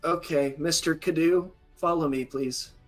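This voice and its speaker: A man's voice: a little high, fairly even intonation, faint music behind, voice pushed up, close to an everyday voice. A man voicing a hesitant male official who stumbles and says uh through his questions in a tabletop game. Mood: awkward. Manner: halting, full of uh and stumbles.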